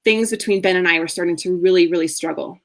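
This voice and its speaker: In a masterclass, a marriage coach in her thirties tells a candid personal story with earnest warmth and an occasional soft laugh. Her voice is lowish and her pace quick.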